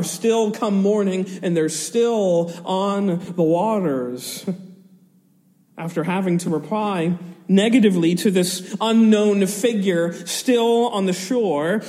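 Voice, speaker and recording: High-voiced man preaching in an echoing hall. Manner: animated storytelling, chuckling asides, vivid retelling. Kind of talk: expository sermon on scripture.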